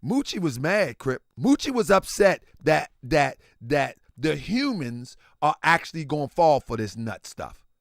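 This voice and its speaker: A man hosts a casual livestream, speaking high and bright with a gravelly edge. He talks straight to his chat and repeats points for emphasis, swinging his pitch around. The sound is close and dry. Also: very animated, unhurried, dry recording. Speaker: livestream host.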